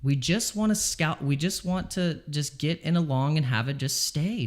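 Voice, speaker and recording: A man's voice: on the high side, expressive, normal speed, few pauses. A man streaming his crypto trades live from home, talking anxiously and pleading over and over with the market. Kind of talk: live trading stream commentary.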